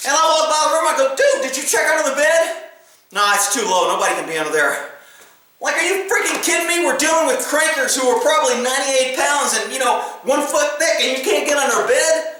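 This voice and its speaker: A man who is a police officer, telling work stories in a casual, profane and animated way, laughing through the tense parts. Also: extremely high pitch, quick pace, few pauses. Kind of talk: casual storytelling monologue. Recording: echoey room, far from the mic.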